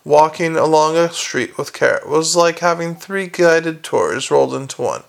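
A man reading a comic fantasy novel aloud, in a wry, steady way with small slips. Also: a little high, normal speed, gravelly. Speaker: audiobook narrator.

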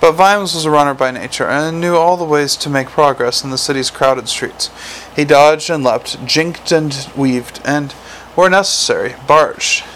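Male storybook narrator, slightly raised pitch, measured dry delivery, faint background hiss. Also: a bit bright, rough recording. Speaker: audiobook narrator.

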